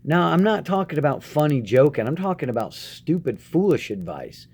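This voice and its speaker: A man gives casual, preachy advice to his viewers in an animated way. His pitch swings widely as he jumps into little voices and back. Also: moderate pace, husky. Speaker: Christian advice vlogger.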